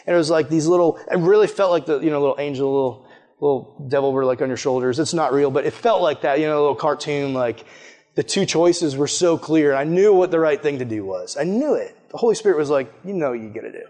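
A male preacher with a fairly high voice tells a personal story in a sermon. His delivery is casual and chatty, full of fillers, with animated retellings. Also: fast.

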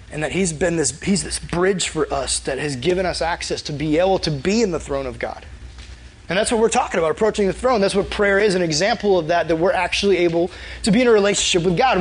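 A man's voice: a little high, breathy edge, low-quality recording. A young man preaching a casual, conversational sermon as a youth pastor, often acting out prayers in a quoted voice.

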